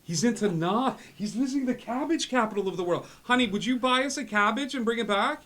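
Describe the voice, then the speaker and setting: A man voicing a doting, fussy father who talks loudly and repeats himself over a magic stone. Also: very high voice, animated, a little fast, voice pushed up, exaggerated voice. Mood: fussy eager. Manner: loud, eager, repeats himself.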